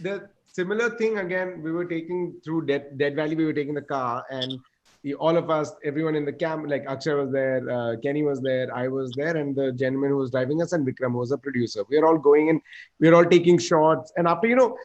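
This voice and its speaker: A man chatting casually on a comedy talk show, telling travel stories in quick animated bursts. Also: fairly high pitch, highs cut off. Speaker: comedian guest. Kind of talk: casual chat.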